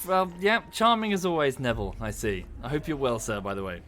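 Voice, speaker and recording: A man streaming a strategy game, talking through each move in a loose, chatty way and breaking off to thank viewers. His voice sits at an ordinary middle pitch. Clear game music plays underneath him. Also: expressive, brisk, fairly bright tone. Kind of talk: casual livestream commentary.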